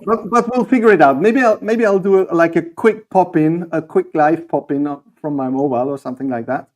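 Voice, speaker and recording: A man co-hosting a casual livestream chat, often halting and searching for words as he talks. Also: on the high side, a little mellow. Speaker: livestream co-host.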